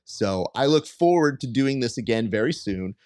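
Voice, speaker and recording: A man's voice: mid-range voice, animated, normal speed, darkish tone, no echo. Man, podcast host, joking, playful, mock-formal, dry close mic. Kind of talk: casual podcast interview.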